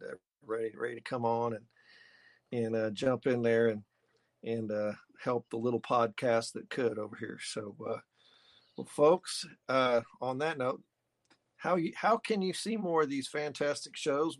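Mid-pitched man hosting a podcast. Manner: laughs along, repeats words, many fillers. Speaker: podcast host. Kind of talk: casual chat.

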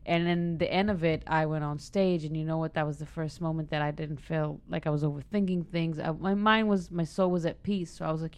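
A woman from Israel, a stand-up comedian chatting in an interview and telling a personal story with lively acted-out quotes. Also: deep voice, a little fast, clear, resonant tone. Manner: animated storyteller, acts out quoted voices, frequent restarts.

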